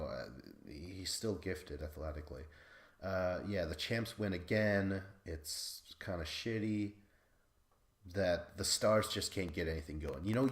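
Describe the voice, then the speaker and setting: In an echoey room, a low-pitched male podcast host rambles through a casual recap. His talk is profane and self-deprecating, and he frequently breaks into laughter.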